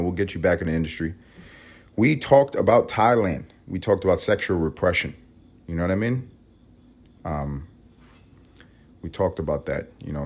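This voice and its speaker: A man from Puerto Rico hosts a loose podcast monologue in a very deep, gravelly vocal fry. He rambles and swears freely, his voice leaping from loud bursts down to low mutters with lively ups and downs. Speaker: podcast host. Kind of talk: casual monologue.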